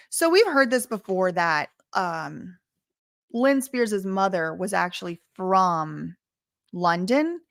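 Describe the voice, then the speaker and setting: A woman's voice: mid-range voice, a bit bright, no room sound, studio quality. A woman reading a memoir aloud and breaking off into casual spoken asides. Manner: reads passages then breaks off into chatty asides.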